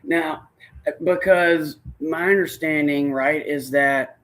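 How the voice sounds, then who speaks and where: A man's voice: fairly high pitch, steady tone, slow pace, fairly bright tone. A man hosting an interview podcast, encouraging his guest with frequent short affirmations and asking long, rambling questions. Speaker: podcast host. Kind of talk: casual interview conversation.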